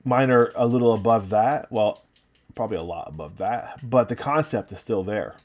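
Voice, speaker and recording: A man with an upstate New York accent paints miniatures on a relaxed livestream, talking loosely as he works and checks the chat. His voice is fairly low and his speed normal.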